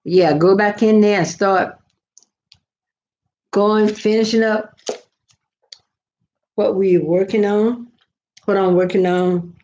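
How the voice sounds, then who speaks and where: A woman's voice: mid-range voice, steady tone, takes it slowly, long pauses, warm tone. An older woman, chatting casually to her viewers in a rambling, folksy storytelling way. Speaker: vlogger. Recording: roomy, slightly dull sound.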